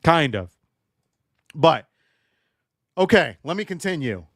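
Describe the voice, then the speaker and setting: A man's voice: on the high side, big pitch swings, slow, dry recording, studio quality. A young adult man hosting a livestream football show, emotionally charged and ranting while joking with his chat. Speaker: sports show host.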